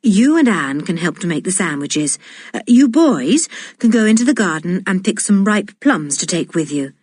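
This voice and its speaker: A middle-aged mother, gently reproachful, in a lively and breathy voice, as a woman reads her. The sound is dry and close. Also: fairly low pitch, moderate pace, no room sound. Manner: mildly reproachful.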